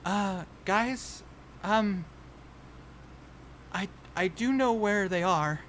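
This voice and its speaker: A man voicing a nervous young woman adventurer in a tabletop game, halting and unsure. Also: high-pitched, fairly bright tone, a little hiss or hum, voice pushed up, heavily acted. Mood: hesitant. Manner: hesitant, halting with filler sounds.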